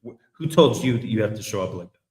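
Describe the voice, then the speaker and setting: A man's voice: fairly low pitch, animated, fast talker, a little mellow. A man talking candidly in a podcast conversation, blunt and reflective, swearing freely. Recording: roomy echo.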